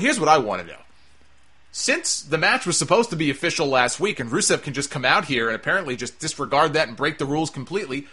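A man's voice: on the high side, sharp tone, slightly rough. A man giving a casual, sarcastic review of a wrestling show. He sounds exasperated and swears freely.

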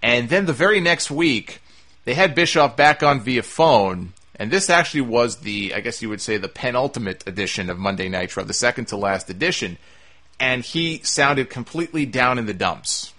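Man, podcast host, conversational, bright crisp voice, answers listener mail. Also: mid-range voice, animated, moderate pace. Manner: conversational, with frequent "uh" fillers and restarts. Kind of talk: casual podcast talk.

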